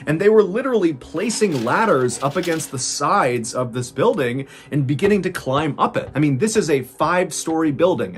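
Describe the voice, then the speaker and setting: A man tells a true story dramatically, building suspense and tension. His pitch rises at the exciting, tense moments.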